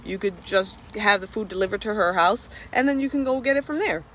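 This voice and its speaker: A woman's voice: mid-range voice, animated, brisk, a bit bright, slight background noise. Frustrated woman ranting, blunt and profane. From Florida. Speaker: vlogger. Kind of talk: unscripted personal rant.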